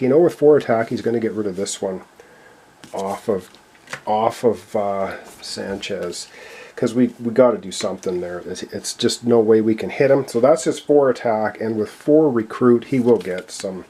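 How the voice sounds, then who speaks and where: A man with a voice he says he is losing, commenting excitedly on his own solo board game play and counting cards aloud. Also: mid-range voice, slight background noise. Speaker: board game player and channel host.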